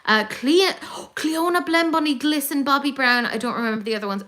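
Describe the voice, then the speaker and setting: Irish woman, beauty livestream host, bright voice, excitable chatter, slightly high. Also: moderate pace, hardly any pauses. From Ireland. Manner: excitable, chatty, swears, gasps. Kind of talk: casual chat reading live comments.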